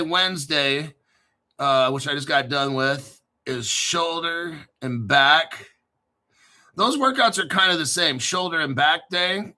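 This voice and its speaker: Excitable, profane New Jersey man. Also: fairly high pitch. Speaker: crypto channel host. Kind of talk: casual livestream chat.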